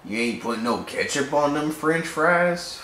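A man voicing a blobby male alien with a slow, drawling folksy put-on voice. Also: mid-range voice, big pitch swings. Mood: indignant. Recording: roomy with faint noise.

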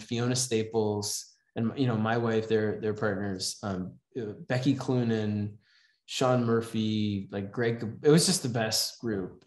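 A man teaching a comics writing class in a casual, rambling way, with many fillers, reading comic dialogue aloud. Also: lowish voice. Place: house event room. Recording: roomy echo.

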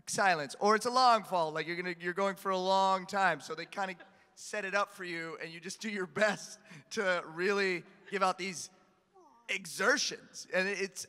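A man on a convention panel, telling animated stories and laughing often as he answers questions. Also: sits high, clear, resonant tone. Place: large convention hall. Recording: echoey hall reverb.

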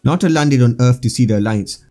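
A man's voice: medium pitch, quick pace, dark tone, faint music behind. A man casually narrating a fan story, telling it plainly with a few fillers.

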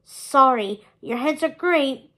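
A woman's voice: high voice, pushed and bright, exaggerated voice. A woman voicing a jittery boy hero who cracks nervous jokes and pleads his way out of danger. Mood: joking. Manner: quick, nervous, wisecracking pleading.

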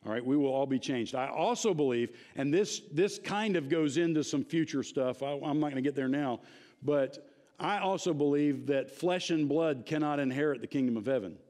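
A man's voice: fairly high pitch, moderate pace, darkish tone. A man teaching a church Bible class in a conversational, emphatic way, often checking in with his listeners.

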